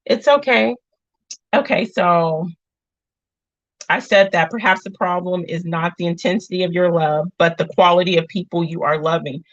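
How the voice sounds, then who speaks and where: Earnest woman in her thirties rambling warmly. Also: lowish voice, normal speed, no room sound. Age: 30s. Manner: earnest, rambling, drifts off topic and back; emotional, warm, close to tears. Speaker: live-stream host. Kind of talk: heartfelt live chat with viewers. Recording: dull, dry, lo-fi sound.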